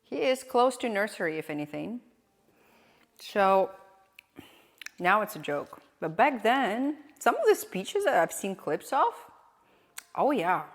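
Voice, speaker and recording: Woman streamer, casual rambling chat, mid pitch, long reverb on the voice. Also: big pitch swings, measured pace. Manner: chatty, rambling, questioning.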